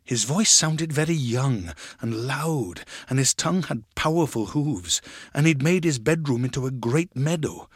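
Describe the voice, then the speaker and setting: A man narrating a story in a measured, expressive reading. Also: mid-range voice, breathy edge, no room sound, clean studio sound.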